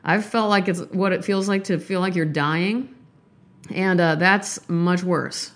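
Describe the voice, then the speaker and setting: Podcast host, woman, slightly low voice; candid and rambling solo chat. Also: a little slow. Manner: candid, rambling, animated swings in pitch. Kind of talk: casual monologue.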